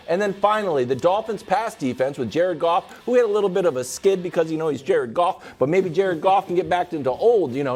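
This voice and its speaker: Animated man talking football picks. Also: sits high. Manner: animated, jokey, self-mocking. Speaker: sports show co-host. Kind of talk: playful sports debate.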